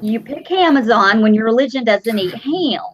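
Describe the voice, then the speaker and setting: A woman's voice: on the high side, lively intonation, moderate pace. A woman hosting a casual fan show chat, blunt, profane and sarcastic. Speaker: host. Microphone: streaming mic. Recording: lo-fi online stream audio.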